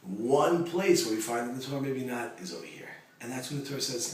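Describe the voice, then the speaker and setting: Fast-talking rabbi in an echoey room. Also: male voice, mid-range voice. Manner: lively storytelling with joking asides. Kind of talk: Torah lesson. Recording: echoey room, mic far off, faint noise.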